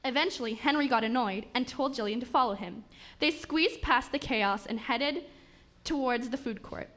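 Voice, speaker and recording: A woman with a somewhat high voice reads a comic fairy tale aloud. She keeps a steady pace, tripping over a word now and then and starting again. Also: normal speed. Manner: steady reading with small stumbles and restarts. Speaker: story narrator. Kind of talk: reading a comic story aloud.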